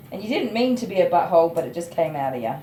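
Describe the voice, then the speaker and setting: Middle-aged woman, low-ish voice, candid and self-mocking, in an echoey room. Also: very animated, moderate pace, warm tone. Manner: frank, self-mocking, laughs often. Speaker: dog groomer. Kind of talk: casual chat while grooming. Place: grooming room. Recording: echoey room, faint noise.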